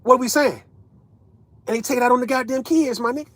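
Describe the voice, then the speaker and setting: A man's voice: very high voice, fast talker, fairly bright tone, no echo. A man, ranting casually as an online commentator, profane and emphatic, tagging lines with right and man. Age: 30s.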